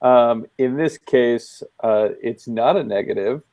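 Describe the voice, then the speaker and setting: A man co-hosting a casual chat, relaxed and measured, with many ums, wearing headphones. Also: medium pitch, dry recording. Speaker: co-host.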